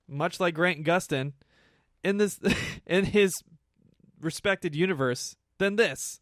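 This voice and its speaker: A man's voice: high-pitched, slow pace, fairly bright tone, no room sound, clean studio sound. A man hosting a casual film review, ranting with lots of swearing and frequent laughs. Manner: profane, ranting, laughs often. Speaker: movie review host.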